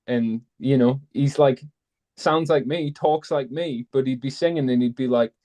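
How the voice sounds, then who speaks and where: A man chats casually, rambling through his stories with plenty of fillers. His voice sits at an ordinary middle pitch. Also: measured pace, warm tone. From North East England. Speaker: participant in an online group chat. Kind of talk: casual chat.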